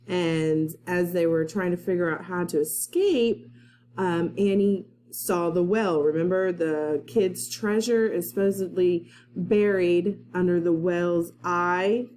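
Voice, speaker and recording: Woman teacher reading aloud to kids, very slow and unhurried, chatty, laughs off her slips, faint background noise. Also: fairly low pitch, dark tone. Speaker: first-grade teacher. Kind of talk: reading a chapter book aloud to children.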